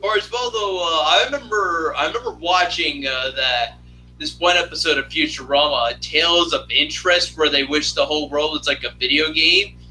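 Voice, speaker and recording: A man's voice: a little high, normal speed, bright, forceful tone, a little hiss or hum, low-quality recording. A young man hosting a casual live stream from his apartment, rambling and joking with many fillers. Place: home apartment.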